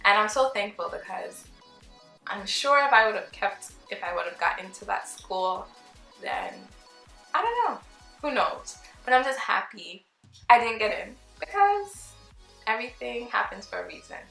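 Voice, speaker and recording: A young woman vlogger telling a casual storytime, chatty and animated, acting out the people she quotes. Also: mid-range voice, normal speed, gravelly. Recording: roomy with faint background music.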